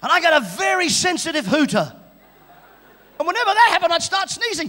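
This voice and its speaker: Guy preaching to a church crowd, super high bright voice, shouts and jokes a lot. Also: lively intonation, quick pace, long reverb tail. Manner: exuberant, shouting and joking with the crowd. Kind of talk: sermon. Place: church service.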